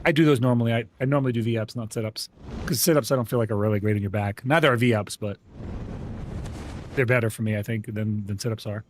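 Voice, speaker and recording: A man's voice: fairly low pitch, fairly even intonation, fast talker, a little hiss or hum. A young man streaming live, chatting casually with viewers and telling joking stories, with some swearing. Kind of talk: casual chat with livestream viewers.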